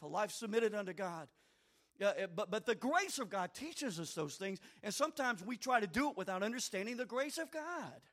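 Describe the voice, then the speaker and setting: A high-voiced man preaches a fervent sermon. He talks right at his listeners in a folksy way. He rises to loud, fervent peaks and then drops to quiet, confessional asides. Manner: swings between shouted fervor and quiet confessional asides; addresses listeners directly, folksy.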